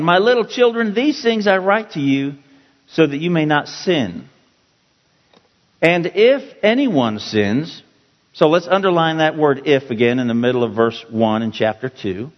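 A man teaching a Bible passage as a pastor, slow and emphatic, repeating key words for his listeners. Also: on the high side, animated. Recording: dull, roomy hall sound.

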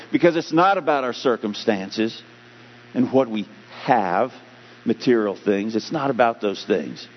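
Animated male pastor preaching in a hall. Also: mid-range voice. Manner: animated preaching, rising loud and slowing for emphasis. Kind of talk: sermon. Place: church sanctuary. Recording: dull, humming church hall recording.

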